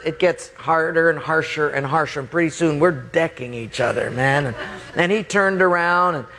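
A male pastor telling a lively personal story in a sermon, laughing and swinging his voice up and down, in a reverberant hall. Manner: animated, laughing storyteller with big pitch swings. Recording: long hall reverb, faint ambience.

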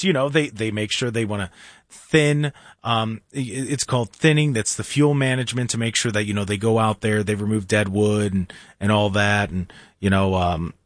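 A man's voice: lowish voice, no echo, studio quality. A man hosting a talk radio show, telling a story in a sarcastic, mocking way.

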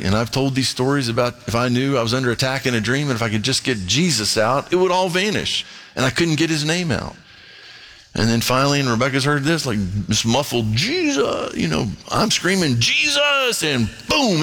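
A man preaching a sermon and reading scripture aloud, with animated pitch swings and quick asides. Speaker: pastor.

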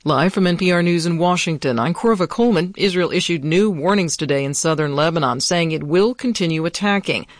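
Guy reading the news, slightly high voice, steady and measured, dry studio mic. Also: dry recording. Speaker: newscaster.

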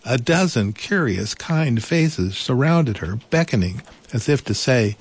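A man reading a children's storybook aloud in a gentle, unhurried way, adding small asides. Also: mid-range voice, lively intonation, slightly rough.

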